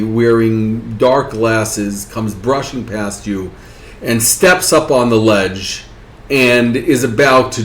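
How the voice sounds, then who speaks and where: A man giving a spoken lesson, often asking his listeners "right?". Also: mid-range voice. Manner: rhetorical, keeps asking "right?". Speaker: teacher. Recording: echoey room.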